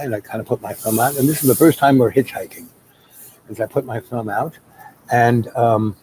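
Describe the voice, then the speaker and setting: Rambling male storyteller, mid-pitched. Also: dark tone, a little hiss or hum, rough recording. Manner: rambling, with many fillers and restarts. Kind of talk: casual spoken storytelling.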